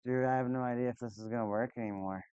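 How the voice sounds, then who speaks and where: Streamer ranting to chat, sarcastic and fed up, smooth voice, kinda muffled lo-fi audio. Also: mid-range voice, fairly even intonation, fast talker, warm tone, no echo. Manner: exasperated and sarcastic, talking to viewers. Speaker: live-stream host. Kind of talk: casual live-stream chat.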